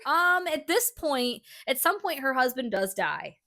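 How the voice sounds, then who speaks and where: A woman's voice: high voice, sing-song, measured pace, bright, forceful tone. A woman hosting a podcast, telling a history story in casual chat, swearing freely and filling gaps with "like" and "you know.". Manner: chatty, swears freely, many fillers.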